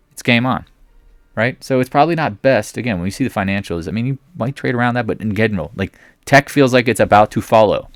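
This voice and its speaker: A man hosting a trading channel, giving casual market commentary in an excitable, jokey way with rambling asides. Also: mid-range voice, no room sound, clean studio sound.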